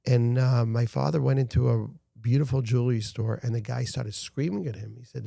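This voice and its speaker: Gravelly, mellow-voiced man telling stories. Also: mid-range voice, steady tone, fairly quick, few pauses, dry recording, clean studio sound. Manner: earnest storytelling, frequent restarts. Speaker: guest, founder of a rescue organization. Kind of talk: casual interview talk.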